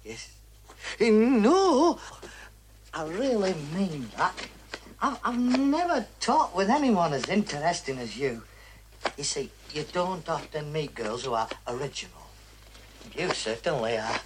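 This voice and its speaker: An actor playing a smitten young man who earnestly flatters a woman in 1960s film dialogue. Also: fairly high pitch, a little slow, background noise. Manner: earnest, eager compliments. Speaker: film character.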